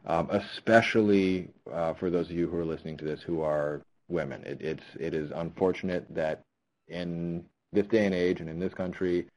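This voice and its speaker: A man's voice: sits low, steady tone, moderate pace, darkish tone, low-quality recording. A man and linguistics researcher giving a conversational webinar talk on public speaking, explaining with frequent ums and restarts. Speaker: speech presenter and linguistics researcher.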